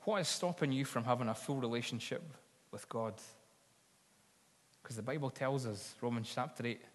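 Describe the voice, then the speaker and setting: A man's voice: mid-range voice, normal speed. A man preaching a sermon, telling stories earnestly and building to fervent appeals. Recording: long hall reverb.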